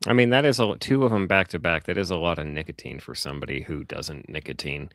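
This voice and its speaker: Low-voiced man telling stories animatedly. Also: fast talker, no room sound, clean studio sound. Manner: animated storyteller, swears freely. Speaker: podcast co-host. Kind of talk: casual banter among friends.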